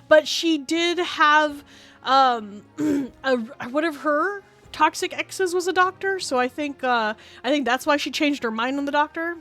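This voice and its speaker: A woman's voice: high-pitched, bright, forceful tone. A woman streamer from Canada chatting casually through a game, giggling often and swearing freely. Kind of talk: casual gaming stream chat.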